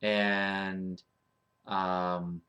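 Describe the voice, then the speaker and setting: A man's voice: low-pitched, little pitch movement, very slow, bright, forceful tone. A man giving a casual ranting monologue as a vlogger. He talks bluntly, swears, and rambles with fillers and restarts.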